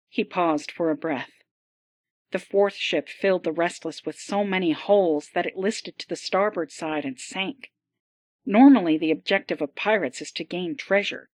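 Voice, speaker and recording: A woman narrating an adventure audiobook in a slow, deliberate reading style. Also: fairly low pitch, no room sound. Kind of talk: scripted narration.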